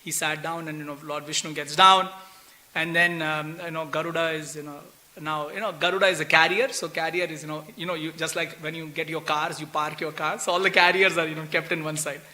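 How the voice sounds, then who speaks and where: A man's voice: fairly high pitch, level tone, fairly quick, pushed and bright. A man giving a scripture class in a temple, chatty and full of "you know" and "right?", acting out the characters of a story. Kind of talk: sermon with storytelling. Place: temple hall.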